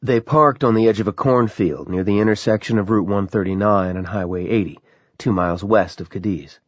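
A man narrating a novel in a lively, dramatic reading. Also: fairly low pitch, a little fast, no room sound. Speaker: audiobook narrator. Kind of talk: scripted narration. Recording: dull, lo-fi sound.

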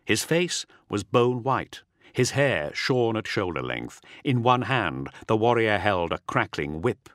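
A man narrating an audiobook with a dramatic, expressive reading. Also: on the low side, a little slow, dry recording, studio quality. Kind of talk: scripted narration.

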